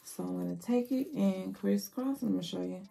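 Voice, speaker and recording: A woman's voice: mid-range voice, normal speed, creaky, warm tone, soft background music. A woman hosting a casual wig review vlog, chatty and playful, talking straight to her viewers. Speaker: beauty vlogger.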